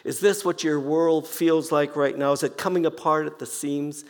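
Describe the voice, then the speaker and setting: A man preaching a sermon as pastor, speaking slowly and deliberately and softly repeating key phrases. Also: a little high, gravelly. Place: church sanctuary. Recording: long reverb of a church hall.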